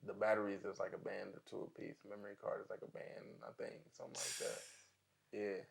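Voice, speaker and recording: A young videographer speaks in a low, gravelly voice. He talks casually in slang. His tone is relaxed but can turn animated. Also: fast talker. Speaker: video director. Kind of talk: casual chat.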